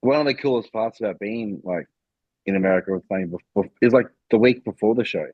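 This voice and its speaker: A man who calls himself introverted, talking in a relaxed way in casual podcast chat. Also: fairly low pitch, fairly quick, dry recording, highs cut off. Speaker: podcast co-host, bodybuilder.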